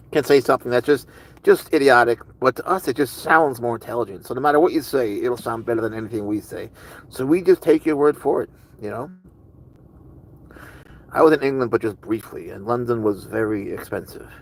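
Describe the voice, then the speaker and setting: A man's voice: mid-range voice, rough recording. A man streaming live, casually chatting with viewers and answering their comments in a rambling, curious way.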